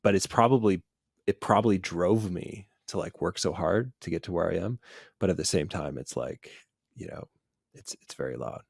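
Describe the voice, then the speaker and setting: Very low, gravelly-voiced man. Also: animated, normal speed, darkish tone, no echo, studio quality. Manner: loose, filler-heavy, lots of "like". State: busy parent. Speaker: psychiatrist guest. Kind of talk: casual podcast conversation.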